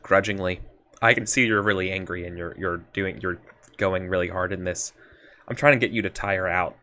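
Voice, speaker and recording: A man's voice: low voice, steady tone, normal speed, bright, forceful tone. A man playing a tabletop role-playing game, talking casually with many fillers and restarts. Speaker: player.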